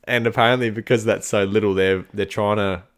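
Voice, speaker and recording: A man's voice: on the low side, fairly even intonation, fairly quick, smooth. A young Australian man co-hosting a casual pub-style podcast chat, laid-back and slangy, laughing often. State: coughing. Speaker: podcast co-host.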